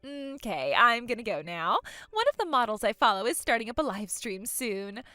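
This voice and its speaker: Casting: a woman playing a spoiled, mocking younger sister, high bright voice, lots of bounce. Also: sing-song, moderate pace, no room sound, faint music behind. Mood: gloating. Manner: gloating, taunting, giggly. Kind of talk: acted story dialogue.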